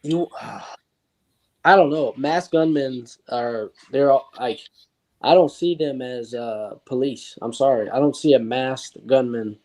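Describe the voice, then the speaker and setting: A man's voice: mid-range voice, measured pace, warm tone. A man in a casual chat, talking in an aggrieved, laid-back way and saying "dude" a lot. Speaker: podcast guest.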